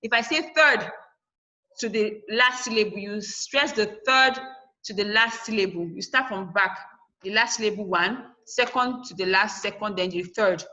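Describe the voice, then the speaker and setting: A woman's voice: mid-range voice, bright, forceful tone, muffled recording. A woman teacher giving a lesson over a video call, firm and instructive, spelling out word endings letter by letter. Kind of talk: online class lesson.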